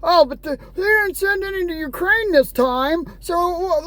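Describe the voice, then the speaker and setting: High-voiced woman in an exasperated rant. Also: lively intonation, a little slow, a bit bright, no echo. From United States. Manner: ranting, exasperated, sarcastic; reads news headlines aloud. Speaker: vlogger. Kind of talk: angry political rant vlog.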